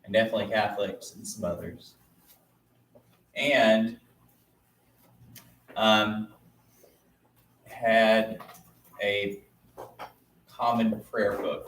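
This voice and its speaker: A man's voice: on the low side, steady tone, drawn-out words, long pauses, fairly bright tone. A man teaching a history lesson in a casual, chatty way, stretching out his phrases, recorded from a distance in a classroom. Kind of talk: classroom lecture. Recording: roomy, distant mic, faint noise.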